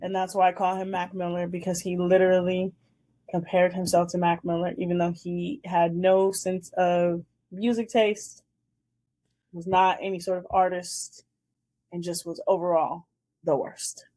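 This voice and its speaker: A woman's voice: lowish voice, a little slow. Twenties woman host, chatty, acts out every bit of her story. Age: 20s. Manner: animated storytelling, acting out scenes. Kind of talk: casual chat, storytelling.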